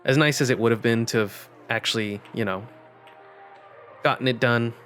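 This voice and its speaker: A man's voice: medium pitch, moderate pace, a bit bright, faint music behind. A young man giving casual let's-play commentary, wry and joking as he thinks aloud. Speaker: gaming channel host.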